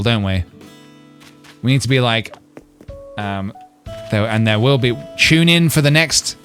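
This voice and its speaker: A man's voice: medium pitch, animated, unhurried, long pauses, fairly bright tone, faint music behind. A man, streaming a game and chatting casually in a playful, rambling way full of jokes and fillers. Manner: playful, jokey, rambling with frequent laughs and fillers. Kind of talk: casual gameplay livestream chat.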